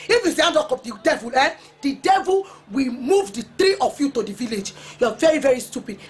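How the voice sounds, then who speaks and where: A woman's voice: high voice, animated, quick pace. An actress with a Nigerian accent playing a hot-tempered mother who scolds in Pidgin and English. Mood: furious. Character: hot-tempered market mother, loud and threatening. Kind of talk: Nollywood film acting.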